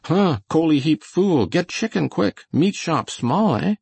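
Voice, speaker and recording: A man putting on a clipped, high-pitched old camp cook. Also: expressive, unhurried, vocal fry, a little mellow, husky, dry recording, full character voice. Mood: roused. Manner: clipped broken English. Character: stubborn older male camp cook.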